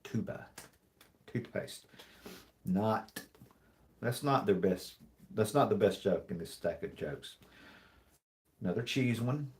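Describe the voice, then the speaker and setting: A man hosting a live stream, reading jokes aloud in a dry, deadpan way and rambling with many restarts and apologies. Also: lowish voice, measured pace, long pauses. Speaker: livestream host. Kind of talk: casual livestream chat, reading jokes aloud.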